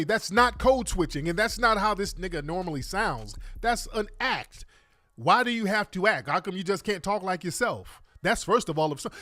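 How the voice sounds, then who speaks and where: A middle-aged male radio talk host with a high, slightly bright voice delivers an emphatic monologue. It's profane, combative and full of rhetorical questions, and the recording is dry.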